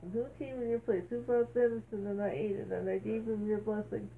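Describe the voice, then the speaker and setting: A woman's voice: mid-range voice, fairly even intonation, a little fast, vocal fry, natural voice. A woman reading the lines of an old frail father in a plain read-aloud voice. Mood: questioning. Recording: tinny phone-like sound, faint hiss.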